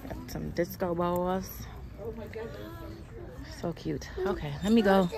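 A woman's voice: on the low side, steady tone, slow, a crowd in the background. A woman chatting to her viewers in a casual vlog, talking to them as "y'all" while she walks through a big store with her phone. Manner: chatty, talks straight to the viewers with lots of "y'all". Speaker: vlogger. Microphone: phone held in hand. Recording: phone audio with clear background noise.

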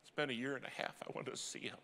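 A middle-aged man preaching a sermon as a dramatic story, swinging from loud cries to hushed, near-whispered lines. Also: medium pitch, steady tone, racing, a little hiss or hum. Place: church sanctuary. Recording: long church hall reverb.

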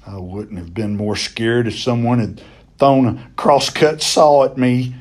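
Guy reading a story chapter out loud, lively delivery, trips over a word here and there. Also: mid-range voice, a little slow. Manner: expressive storytelling with occasional stumbles and repeats. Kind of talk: reading a novel chapter aloud.

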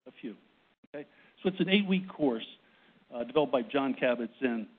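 A Boston man on a panel gives a workplace presentation to an audience in a conference room, short of breath, often restarting and repeatedly checking in with "right?". His mid-range voice is lively in intonation and slightly fast, and the recording sounds tinny, like a phone.

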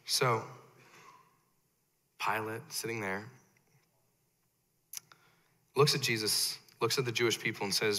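A man preaching a sermon as pastor, impassioned, rising loud then dropping low. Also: steady tone, normal speed, pauses often, in a large hall.

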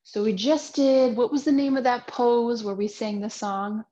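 A young woman teaching yoga to children, giving slow, encouraging cues in a sing-song way and now and then making animal sounds. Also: on the high side, dark tone. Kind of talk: guiding a children's yoga class. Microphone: camera mic. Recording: dull lo-fi home video sound.

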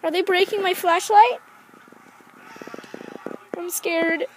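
A woman's voice: extremely high pitch, steady tone, takes it slowly, slight background noise. A woman voicing a jumpy, frightened lady who nervously asks one question after another. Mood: scared, questioning. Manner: nervous, keeps asking questions.

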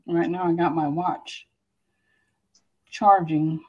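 A woman's voice: on the low side, steady tone, slow, lo-fi sound. A woman chatting casually on a live stream, telling easygoing rambling stories. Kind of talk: casual chat.

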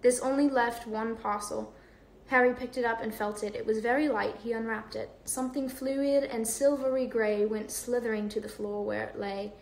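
A young woman reads a storybook aloud in a casual livestream, recorded on a phone at home. Her voice sits fairly high, and the room adds a noticeable echo. She is relaxed and laughs off her own slips. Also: moderate pace, gravelly. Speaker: host. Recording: echoey room.

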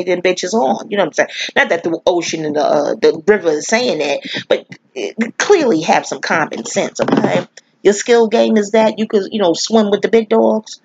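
Husky New woman, rambling and candid. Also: fairly low pitch, a little mellow. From New York. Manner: candid, profane, rambling storyteller who laughs often. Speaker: astrology vlogger. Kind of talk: casual spoken monologue. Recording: dull lo-fi audio.

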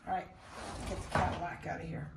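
A dog breeder with a Midwestern American accent chatting casually indoors, cooing baby talk at puppies and voicing their thoughts. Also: female voice, fairly quick, heavy background noise. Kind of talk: casual chat to puppies and camera. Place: indoors at a kennel.

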